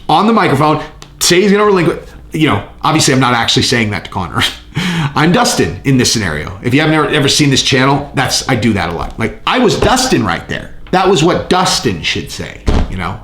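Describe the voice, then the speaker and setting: Excitable, profane man in an echoey room. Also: medium pitch, fairly quick. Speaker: channel host. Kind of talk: casual fight commentary vlog.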